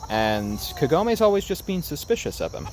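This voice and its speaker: A man from Japan chatting casually on a livestream about his chickens, recorded outdoors on a phone camera in a backyard, coaxing his birds in a soft sing-song. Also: on the high side, normal speed. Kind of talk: casual live-stream chat. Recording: outdoor phone recording with steady background noise. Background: chickens clucking, insects chirping.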